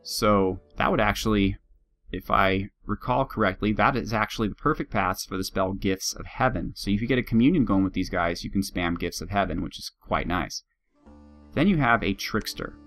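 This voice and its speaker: A man's voice: fairly low pitch, a bit bright. A man casually commenting on a strategy game, chatty and laughing at his own jokes. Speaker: game video host. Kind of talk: casual let's-play commentary. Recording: faint guitar music behind.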